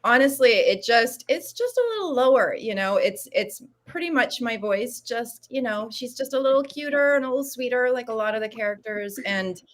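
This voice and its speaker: A woman's voice: fairly high pitch, animated, moderate pace, few pauses. A woman voice actor on a convention panel, answering hesitantly with fillers.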